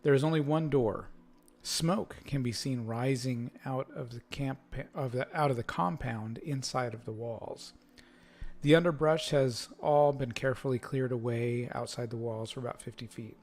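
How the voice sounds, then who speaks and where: A man narrating as game master of a tabletop game, describing scenes slowly with many pauses and fillers. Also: mid-range voice, a little mellow. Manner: slow, halting narration with fillers.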